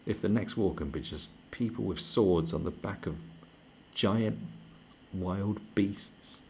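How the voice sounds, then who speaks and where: Very deep gravelly man ranting crudely. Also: slow pace, a little hiss or hum. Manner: rambling, crude, mock-outraged, slips into mocking voices. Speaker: livestream host. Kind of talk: profane comedic rant on a livestream.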